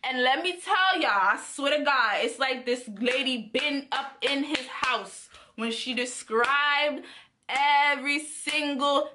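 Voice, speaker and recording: A young woman from the Caribbean, a vlogger telling a story in casual, slangy, animated talk. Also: high-pitched, background noise. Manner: animated, slangy, laughs often.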